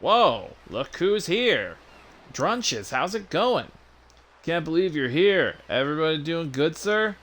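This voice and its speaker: A man doing an eager high-voiced young rebel. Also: takes it slowly, exaggerated voice. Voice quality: high excited voice, ends lines with sir. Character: eager young male rebel lackey, says sir.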